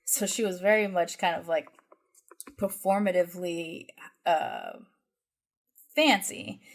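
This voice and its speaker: A woman from the United States talks in a relaxed podcast chat. Her voice sits on the lower side, and she wanders through her thoughts, doubling back to correct herself as she goes. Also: slow. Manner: rambling, self-correcting, reflective. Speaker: podcast co-host. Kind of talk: casual conversational chat.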